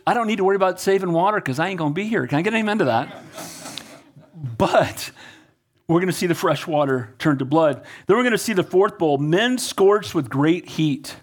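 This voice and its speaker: A man preaching a sermon as pastor, often asking the congregation questions and repeating words as he goes. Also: high-pitched.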